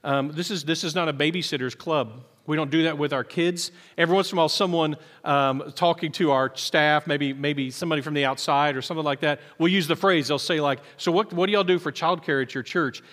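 A male pastor delivers an earnest sermon, often doubling words as he begins a thought. His voice sits a bit high for a man. The sound carries a long reverb from the church hall. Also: steady tone, a little fast, few pauses, fairly bright tone. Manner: earnest, repeats words when starting sentences. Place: church sanctuary.

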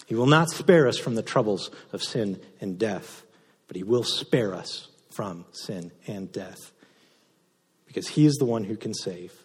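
A man pastor preaching a sermon, moving between loud impassioned passages and soft, low delivery. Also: expressive, unhurried, husky. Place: church sanctuary. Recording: reverberant hall sound.

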